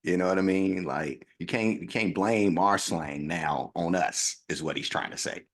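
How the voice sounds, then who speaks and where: A man hosting a comedy reaction channel, talking casually and in a relaxed, chatty way about a clip he is watching. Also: low voice, normal speed. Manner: relaxed, chatty, laughs along.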